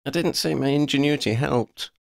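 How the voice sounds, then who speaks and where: A woman's voice: very deep voice, normal speed, creaky, no echo, studio quality, voice pushed up. A man voicing a confident, playful young witch who leads her friends with wry teasing.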